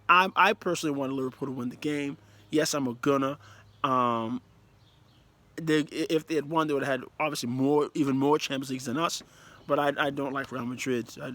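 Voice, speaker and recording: A man giving a casual, emphatic and rambling review of a football match, talking as a player and manager. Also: medium pitch. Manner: animated, emphatic, rambling with restarts. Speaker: football commentator.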